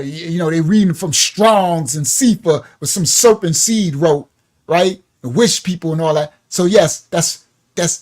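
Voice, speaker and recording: Male livestream teacher, unhurried, emphatic, conversational, fond of rhetorical questions. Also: a little high, a little mellow. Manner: emphatic, repeats words, asks rhetorical questions; chatty, addresses viewers by name. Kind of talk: live-streamed religious teaching.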